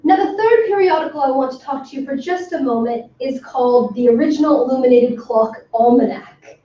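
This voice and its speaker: A woman giving an academic talk to a workshop audience, speaking with enthusiasm and emphasis and filling pauses with frequent ums. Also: sits high. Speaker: lecturer. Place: lecture room. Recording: far from the mic in an echoey room, dull and slightly noisy.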